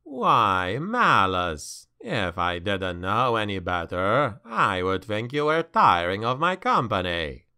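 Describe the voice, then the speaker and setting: A mocking ancient demon, deep and unhurried, savoring every cruel word, as a man acts him out. He drawls with heavy menace in a smooth, resonant tone. The gloating never lets up. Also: big pitch swings, sharp tone, exaggerated voice.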